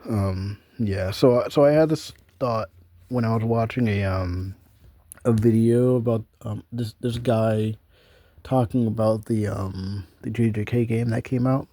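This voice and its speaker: A man's voice: lowish voice, a little slow, mellow, no echo, clean studio sound. A young man talking in a loose, meandering casual monologue, full of ums and offhand swearing. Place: small room, flipping through notebook pages.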